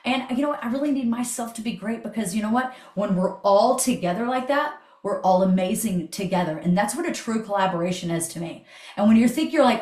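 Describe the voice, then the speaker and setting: A woman hosting a motivational video call, energetic and chatty, swearing casually. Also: medium pitch, a little fast, roomy sound. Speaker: host.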